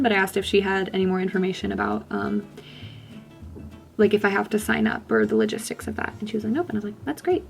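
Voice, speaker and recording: A woman's voice: mid-range voice, vocal fry. A woman in her twenties chatting casually to camera in a vlog, full of "um" and "like" fillers. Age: 20s. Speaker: vlogger. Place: school during lunch break.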